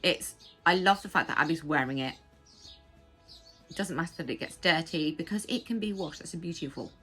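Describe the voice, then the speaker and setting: English lady rambling about her knitting, lowish voice, chatty asides, a bit of music faintly behind. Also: a little fast, pushed and bright. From England. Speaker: knitting podcast host. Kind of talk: casual chat. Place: home.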